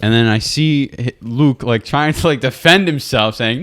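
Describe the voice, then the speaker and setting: A man's voice: medium pitch, moderate pace, hardly any pauses, a bit bright. A man co-hosting a casual chat, telling a story with laughter. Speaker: co-host.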